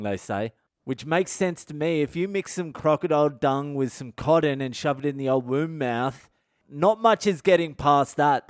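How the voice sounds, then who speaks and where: A middle-aged man, hosting a comedy podcast with crude, swearing, animated rants. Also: fairly high pitch, clean tone, no room sound, clean studio sound. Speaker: podcast host. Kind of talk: comic monologue.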